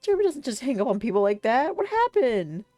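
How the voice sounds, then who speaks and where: A woman's voice: a little high, very animated, fairly quick, no echo, soft background music, pitched above the performer's own voice. A woman voicing Shiloh, a chipper, eager young man in a game she reads aloud. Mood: upset. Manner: bright and upbeat.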